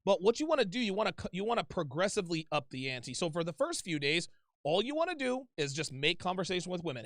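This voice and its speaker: A man's voice: high-pitched, very animated, quick pace, a bit bright, no room sound, clean studio sound. A man hosting a call-in advice show, talking bluntly and emphatically with plenty of swearing. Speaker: host taking calls.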